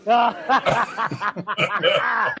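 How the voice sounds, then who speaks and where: A man's voice: high-pitched, drawn-out words, heavily acted. A man voicing a foul-mouthed, angry male Christmas elf who rants and swears at a comedy roast. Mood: ranting. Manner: gruff, swearing, ranting. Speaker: roast guest. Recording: dull lo-fi audio with background noise.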